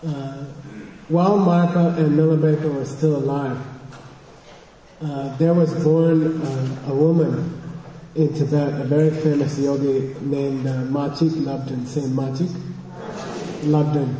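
A man teaching a meditation class to a group, talking in a relaxed, halting way with many fillers. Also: a little high, slight background noise. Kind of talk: guided meditation and dharma talk. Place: large echoey hall with a group. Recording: distant voice in a reverberant hall.

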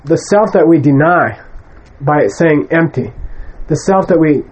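A man with a slightly higher-than-usual voice lectures students in a conversational way. He is emphatic and blunt as he brushes aside wrong ideas. He keeps checking in with his listeners with a quick "okay?". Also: a little mellow, poor audio. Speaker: Buddhist teacher.

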